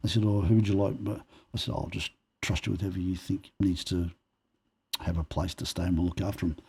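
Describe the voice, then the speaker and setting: Man, very raspy voice, mellow tone, lively storyteller, acts out dialogue. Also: sits low, brisk. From Australia. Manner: animated storyteller who acts out quoted dialogue. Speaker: podcast guest. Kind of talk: personal storytelling in conversation.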